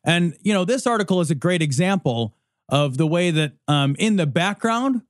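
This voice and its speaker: A man co-hosting a podcast, chatting casually about politics in a profane, animated and mocking way. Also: high voice, moderate pace, no echo, studio quality. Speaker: podcast co-host.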